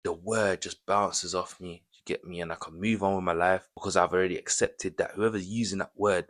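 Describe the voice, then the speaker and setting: A man's voice: sits low, steady tone, brisk, fairly bright tone. A man doing ranting reaction commentary, indignant and repetitive, full of slang. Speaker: commentary YouTuber.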